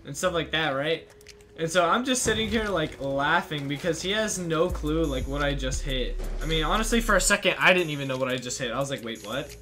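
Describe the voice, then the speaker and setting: A man's voice: on the high side, lively intonation, a little fast, sharp tone. A young man telling a gaming story as a channel host, rambling casually with lots of fillers. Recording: music playing behind.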